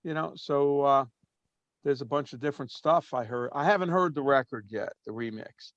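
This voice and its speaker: A man's voice: mid-range voice, normal speed, no echo. Easygoing man, dry dull sound. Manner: easygoing, rambling with many fillers. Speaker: drummer guest. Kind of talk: casual interview talk.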